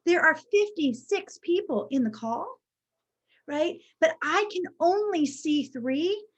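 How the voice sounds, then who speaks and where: A woman giving a live workshop talk over a video call, teaching in a lively way and often checking in with "right?". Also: extremely high pitch, slow pace. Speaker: workshop presenter. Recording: muffled video-call audio.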